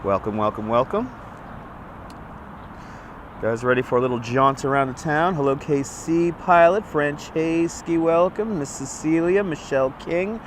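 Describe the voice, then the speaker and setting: A man's voice: a little high, unhurried. Chatty man streaming from a city street. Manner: chatty, upbeat, reads out viewer names. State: slightly stuffy nose, voice may crack. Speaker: livestream host. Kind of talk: live walking stream, greeting chat. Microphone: phone on a gimbal. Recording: faint street and traffic noise.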